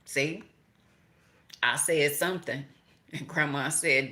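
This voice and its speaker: Here the same kind of speaker appears: a middle-aged woman from Chicago doing an informal tarot reading, addressing viewers head-on, profane and laughing. Her voice is lowish and sharp, delivered at a measured pace.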